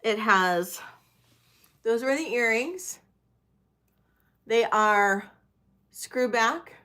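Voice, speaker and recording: A middle-aged woman hosts a live-streamed vintage jewelry sale, talking slowly as she thinks aloud. Her voice has a bright, forward edge. She fills pauses with ums and chats casually with her viewers. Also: fairly high pitch, lively intonation, smooth.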